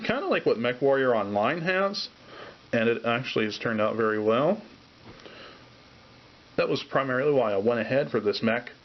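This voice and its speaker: A man hosting a casual miniature painting tutorial, talking in a relaxed way while he works and sometimes trailing off mid-thought. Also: mid-range voice. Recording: dull lo-fi sound with faint hiss.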